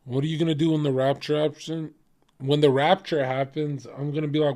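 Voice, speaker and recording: A man streaming casually, reacting to videos with profane jokes and sudden shouted bits. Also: fairly high pitch, flat delivery, moderate pace. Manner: profane, jokey, jumps to loud shouting bits.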